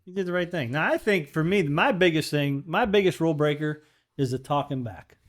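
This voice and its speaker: A man's voice: a little high, lively intonation, fairly quick. A man co-hosting a podcast in casual chat, talking reflectively about raising his daughter. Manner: reflective, builds on others' points. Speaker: podcast co-host.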